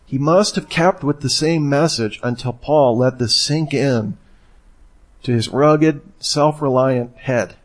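A man's voice: medium pitch, takes it slowly. A man preaching a sermon in a conversational teaching manner, acting out the lines he quotes. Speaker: pastor.

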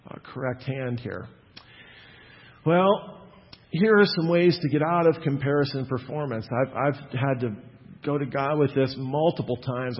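A man's voice: a little high, slightly rough. A man preaching a sermon in a conversational way, asking his listeners questions and acting out the quotes he reads. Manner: conversational, asks the audience questions and acts out quotes. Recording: dull lo-fi sound with long hall reverb.

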